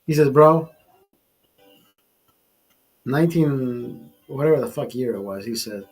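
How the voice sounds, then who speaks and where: A man's voice: medium pitch, fairly quick, dark tone, soft background music. A man hosting a casual show, telling a long rambling anecdote full of swearing and acted-out quotes. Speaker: host. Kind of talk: casual storytelling chat.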